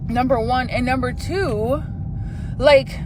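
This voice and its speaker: A young woman casually telling a spooky personal story, animated and profane. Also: high-pitched, takes it slowly, background noise.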